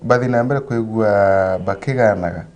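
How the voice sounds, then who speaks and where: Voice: mid-range voice, normal speed, darkish tone. Co-presenter, playful, stammers into restarts, easygoing studio banter.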